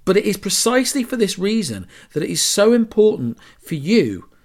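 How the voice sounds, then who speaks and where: A man's voice: sits high, big pitch swings, normal speed. A man hosting a solo podcast, talking in a chatty, emphatic way with asides and self-corrections. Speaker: podcast host. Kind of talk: solo podcast talk on branding.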